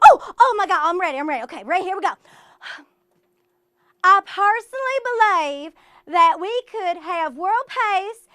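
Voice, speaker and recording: Woman putting on a southern pageant girl, super high and lively, gushy and sassy, dry sound. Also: no room sound, full character voice. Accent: put-on Southern US. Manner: gushing, sassy, over-the-top. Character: vain ditzy female pageant contestant, Southern belle. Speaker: horror movie host. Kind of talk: comedy sketch.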